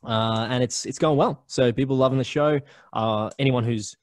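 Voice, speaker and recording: Brief: Australian podcast founder, young adult, casual interview guest, chatty, many "um"s, average pitch, dry mic. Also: male voice, normal speed, no room sound. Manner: chatty storyteller with many fillers and restarts. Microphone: remote call recording.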